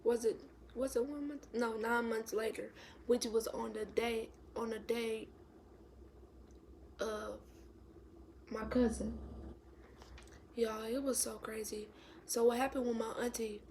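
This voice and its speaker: A young woman tells a sad story to her viewers, her voice gravelly and fairly high. She speaks close to tears and often sinks into a whisper. Her pitch stays flat, with a faint hiss of noise behind her. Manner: emotional, tearful, drops to a whisper. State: close to crying. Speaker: vlogger. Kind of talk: storytime vlog.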